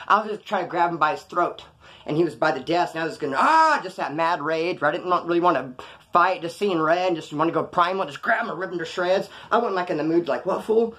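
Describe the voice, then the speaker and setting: A man's voice: on the high side, fast, fairly bright tone. A man telling a rambling, profane story about his past, acting out the scenes as he goes. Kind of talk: casual storytelling.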